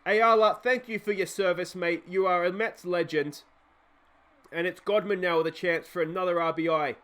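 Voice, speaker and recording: Excitable Australian man calling a game. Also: high voice, moderate pace, clean tone. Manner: fan-style play-by-play, shouting on big hits. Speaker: let's play host.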